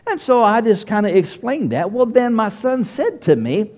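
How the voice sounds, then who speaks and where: Animated Southern-accented male preacher. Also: high voice, normal speed. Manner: animated, questions the congregation directly. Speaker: pastor. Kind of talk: sermon. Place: church.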